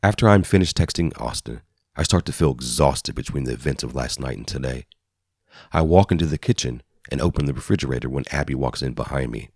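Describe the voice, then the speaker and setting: Brief: man with an extremely low voice, steady first-person audiobook narration, dry studio read. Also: brisk, breathy edge, no room sound.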